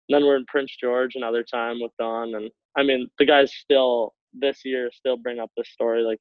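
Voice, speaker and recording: A young man, a hockey player, telling a story in a rambling casual way, full of likes and quick laughs. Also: medium pitch, no echo. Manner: rambling, many likes, laughs between phrases. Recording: tinny phone-like line, dry.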